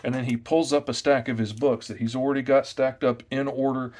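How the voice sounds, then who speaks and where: A comic artist, a man, giving sales tips in a loud, energetic, chatty way. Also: mid-range voice, a little fast. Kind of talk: casual tips talk to camera.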